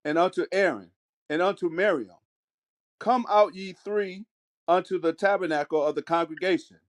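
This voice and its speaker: A man reading scripture aloud in a measured way, slowing on key phrases. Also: high voice. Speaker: scripture reader.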